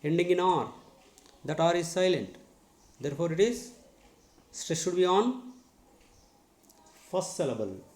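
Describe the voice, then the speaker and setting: A man with an Indian English accent teaching English pronunciation in a slow spoken lesson, repeating words to model stress and drilling his students. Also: fairly high pitch, expressive, darkish tone. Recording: echoey room.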